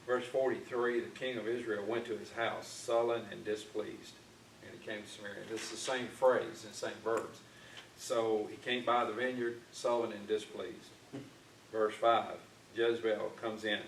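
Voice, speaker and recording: In a church classroom, a man leads an informal Bible class, talking conversationally with lots of fillers and restarts. His voice is lowish and flat, at normal speed, with vocal fry. The room is echoey, the mic distant, with faint noise.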